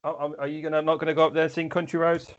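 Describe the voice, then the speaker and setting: A man's voice: fairly high pitch, flat delivery, racing. A man hosting a sports podcast, putting fan questions to his guest in an easygoing, teasing way. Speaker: podcast host. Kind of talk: casual podcast interview. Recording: dull lo-fi audio.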